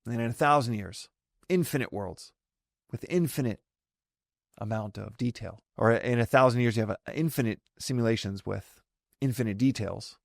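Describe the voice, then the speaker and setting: A man's voice: medium pitch, moderate pace, gravelly, dry recording, clean studio sound. A man hosting a solo podcast, explaining ideas in a thoughtful way and often correcting himself mid-sentence. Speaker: podcast host. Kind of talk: solo reflective podcast talk.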